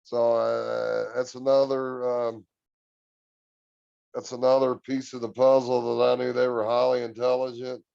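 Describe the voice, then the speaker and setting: A man guest on a podcast, telling a story in an earnest, relaxed, drawn-out way. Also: medium pitch, gravelly, clear, resonant tone, dry recording, lo-fi sound. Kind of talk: casual storytelling.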